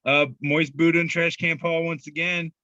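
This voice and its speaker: A man's voice: on the high side, level tone, normal speed, sharp tone, no room sound, lo-fi sound. A man co-hosting a casual podcast, reading memes aloud with loose, profane humor and frequent laughter. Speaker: podcast co-host.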